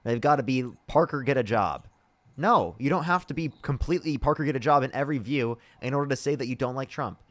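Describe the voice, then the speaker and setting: A man's voice: medium pitch, fast talker, a bit bright. A young man hosting a live debate stream, arguing and pressing his guest with repeated questions. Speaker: debate show host.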